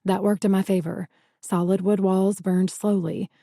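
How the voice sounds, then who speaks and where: A woman narrating an audiobook in the first person with a measured, steady reading. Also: medium pitch, vocal fry, dry recording, clean studio sound.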